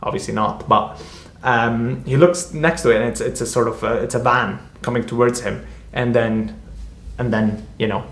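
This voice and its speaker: A man, an author, describing his novel in a casual, rambling way, full of halting restarts and fillers. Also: medium pitch. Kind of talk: casual book discussion. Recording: echoey room.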